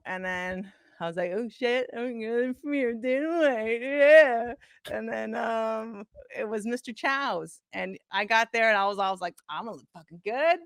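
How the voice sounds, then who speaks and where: A woman guest on a podcast, telling stories in a casual, animated, profane way, full of "like" fillers. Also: fairly high pitch, unhurried, smooth, dry recording, clean studio sound. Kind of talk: casual storytelling chat. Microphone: podcast studio mic.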